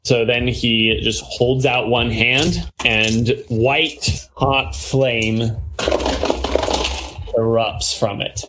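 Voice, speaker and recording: Slow, measured male game master. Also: medium pitch, steady tone, background noise. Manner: measured, descriptive narration with rules talk. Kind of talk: narrating a tabletop game.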